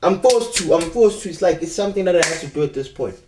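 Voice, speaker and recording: A man's voice: on the high side, animated, fast, background noise. A young man with a South African accent, rambling through a casual storytime in slangy street talk. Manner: rambling and slangy, keeps calling the viewer bro. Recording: echoey room, mic at a distance.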